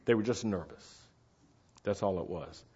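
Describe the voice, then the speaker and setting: A middle-aged man telling a story in a chatty, animated way, often checking that his listeners follow. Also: low-pitched, measured pace, slightly rough. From United States. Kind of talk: casual anecdotal storytelling. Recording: dull lo-fi recording.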